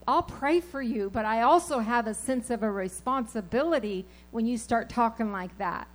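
A woman preaching a sermon, telling personal stories in an animated, emphatic way and repeating her key phrases. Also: a little high, moderate pace, low-quality recording.

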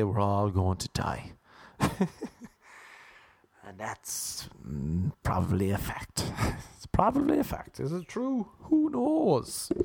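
A man's voice: fairly low pitch, creaky, a little mellow, no room sound. A young Irish man telling rambling, self-mocking comic stories, often laughing at his own jokes. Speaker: comedian. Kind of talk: comic monologue.

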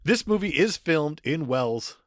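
Male podcast co-host, animated chatter with frequent laughs, bouncy intonation. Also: on the high side, dry recording, clean studio sound. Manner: animated, laughs often, does quick impressions. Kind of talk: casual movie review chat.

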